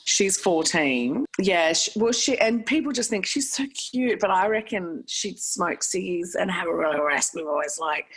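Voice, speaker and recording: An Australian woman in casual podcast chat, a lively storyteller who swears freely and laughs often. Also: on the low side, moderate pace, few pauses, husky.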